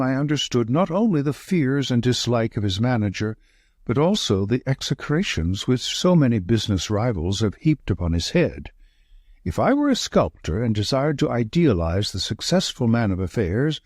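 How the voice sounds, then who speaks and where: Husky male audiobook narrator. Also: mid-range voice, darkish tone, no room sound, studio quality. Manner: measured, descriptive storytelling. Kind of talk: scripted story narration.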